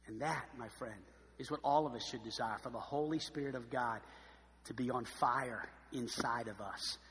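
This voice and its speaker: A man preaching a sermon as pastor, emphatic and swinging from quiet, slow stress to loud emphasis. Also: mid-range voice, in a large hall.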